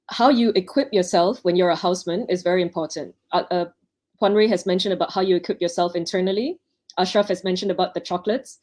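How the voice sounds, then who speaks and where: A woman's voice: lowish voice, darkish tone. Woman doctor chatting with anecdotes. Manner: chatty, anecdotal, acts out quoted speech. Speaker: doctor, panel speaker. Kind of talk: advice talk to new doctors. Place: online panel.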